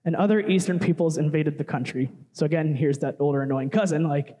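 A man's voice: a little high, a little fast, mellow, long reverb tail. A young man, a worship leader, giving a casual, chatty sermon full of asides and fillers.

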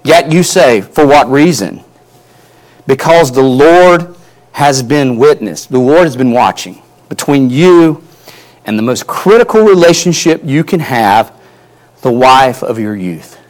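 A man's voice: medium pitch, lively intonation, measured pace. A male pastor preaching a sermon earnestly, his emphasis rising and falling, often repeating words as he builds a point.

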